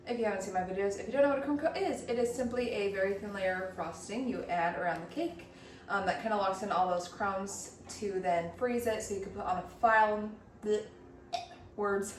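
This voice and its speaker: This baking vlogger talks briskly in a medium-pitched voice, keeping things chatty and self-deprecating as she works in a chilly kitchen. Faint hiss or hum runs under the audio, which is captured from a distance in a roomy space.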